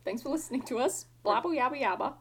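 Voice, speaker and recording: A woman's voice: fairly high pitch, lively intonation, quick pace, creaky, a crowd in the background. An Australian woman in her twenties co-hosting a podcast, chatty and giggly, rambling with lots of "like". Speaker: podcast co-host. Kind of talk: casual chat.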